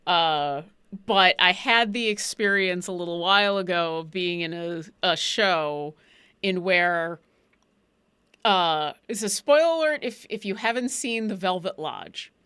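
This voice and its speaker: A woman's voice: lowish voice, a little slow, fairly bright tone, clear, resonant tone, no echo. A woman co-hosting a casual show chat, rambling with restarts and often giggling. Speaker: podcast co-host.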